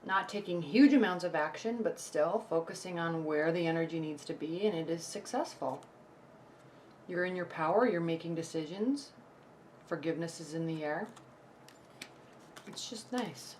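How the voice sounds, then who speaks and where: Chatty woman reading tarot, lowish voice. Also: moderate pace, darkish tone, slight background noise. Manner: reassuring, often checks in with "okay?" and "right?"; loose and chatty, with frequent restarts. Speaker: tarot reader. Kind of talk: casual tarot forecast to camera.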